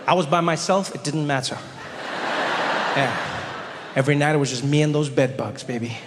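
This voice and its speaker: A male stand-up comedian telling a travel story on stage, animated and quick to jump into high quoted voices, on a handheld mic. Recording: long hall reverb, faint noise.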